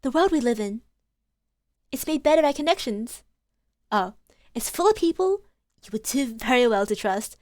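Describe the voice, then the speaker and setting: A woman voicing an earnest young male law student who speaks gently and sincerely. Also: a little high, expressive, moderate pace, long pauses, dry recording, studio quality, close to an everyday voice. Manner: earnest, gentle, softly spoken.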